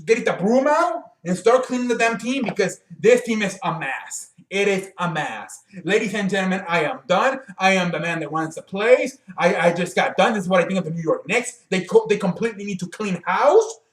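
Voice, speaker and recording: A high-voiced man rants about sports to the camera, blunt and profane, tripping over his words and restarting. He sounds out of breath, and his voice bounces around an echoey room. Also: lively intonation, moderate pace, hardly any pauses. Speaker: sports show host. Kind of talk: casual sports rant to camera.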